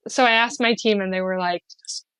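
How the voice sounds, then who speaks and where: Talking fast in a clean tone, a middle-aged podcast guest tells an emotional story of her own spiritual experience. She's animated, her pitch leaping up for quotes, with bursts of laughter, all captured in a dry, close recording.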